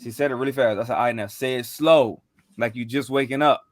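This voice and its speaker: A man's voice: medium pitch, fairly even intonation, fast talker, no room sound, clean studio sound. A young man in casual chat, telling a rambling, slangy story with lots of fillers and restarts. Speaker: podcast co-host.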